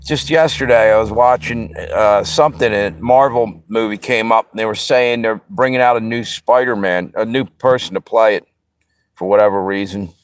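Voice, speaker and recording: A man's voice: fairly low pitch, moderate pace, slight background noise. A man from the Pennsylvania and Delaware area, hosting a live stream and chatting casually with viewers in a rambling, easygoing way. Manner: easygoing, rambling, talks straight to the chat. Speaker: livestream host.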